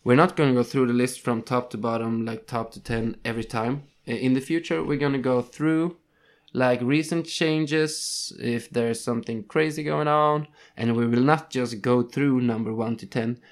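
A man's voice: mid-range voice, fairly even intonation, moderate pace. Man reading rankings on a podcast. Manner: reads ranking lists, stumbling over foreign names. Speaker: podcast co-host. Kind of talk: casual podcast chat.

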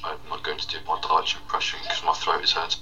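A man's voice: extremely low pitch, monotone, fast, sharp tone, husky, poor audio. A young man co-hosting a casual podcast over a video call, hesitant and prone to repeating words. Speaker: podcast co-host. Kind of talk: casual chat.

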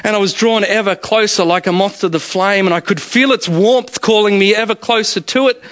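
High-voiced storytelling preacher. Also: male voice, fairly quick, a bit bright, no room sound. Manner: storytelling, conversational, laughs often. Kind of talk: evening sermon.

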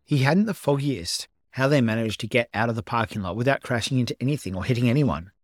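A man narrating a story as an amateur audiobook reading, at a steady, unhurried storytelling pace. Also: medium pitch, no echo, clean studio sound.

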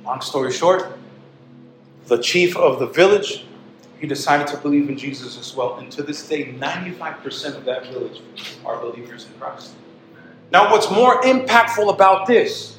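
Preacher man with a high voice, dramatic storytelling sermon, echoey church room, soft music under him. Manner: dramatic, swings from loud to hushed.

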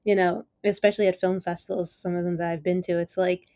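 Her voice is fairly low, flat in delivery, quick and warm, captured in a clean studio with no room sound. She's hosting her own podcast alone, rambling in a casual, enthusiastic, easily amused chat heavy on "like" and "you know."

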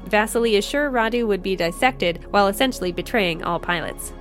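A woman narrating a science fiction story in a steady, measured reading. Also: medium pitch. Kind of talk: audiobook narration. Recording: faint music behind. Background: faint music.

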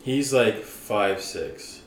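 A young man casually telling a workplace story as a podcast co-host, acting out what people said in an animated way. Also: fairly low pitch, drawn-out words. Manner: animated storyteller, acts out quotes. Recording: roomy echo, faint background noise.

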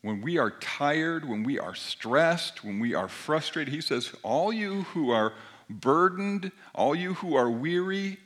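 Middle-aged guy preaching a sermon, kinda high voice, goes whispery then punchy. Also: lively intonation, slow. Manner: swings from forceful emphasis to soft near-whispers. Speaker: pastor.

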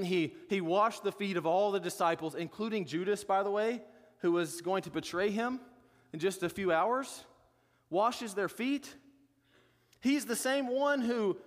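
A man's voice: high voice, in a large hall. A man pastor preaching a sermon in a conversational way, with joking asides.

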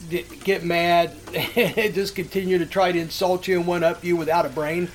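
A man's voice: high-pitched, steady tone, moderate pace, a little hiss or hum. A man hosting a podcast, rambling through profane prank stories and laughing as he goes. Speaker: podcast host. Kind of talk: casual storytelling chat.

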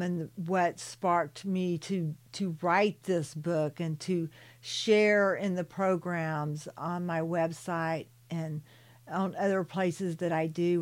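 An older woman reads her own spiritual story in a soothing voice, stopping for gentle personal asides to the listener. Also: on the low side. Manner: slow and soothing, calls listeners "beloved". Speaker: author and spiritual channeler.

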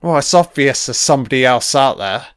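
A British man giving a casual commentary on a film. He reacts out loud and swears often as he rambles. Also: medium pitch, expressive, fairly quick, no room sound. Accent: British English.

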